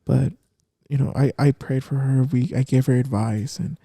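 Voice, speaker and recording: A young man tells a story in a gravelly, mellow voice, with mixed in. He drops almost to a whisper at the serious parts. The sound is close and dry. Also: mid-range voice, fairly even intonation, normal speed, dry recording. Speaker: podcast co-host. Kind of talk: casual storytelling chat.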